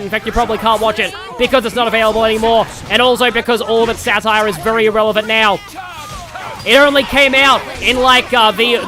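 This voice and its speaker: An Australian man commentating his gameplay livestream in a loud, over-the-top pitchman voice he keeps up as a bit. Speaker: streamer.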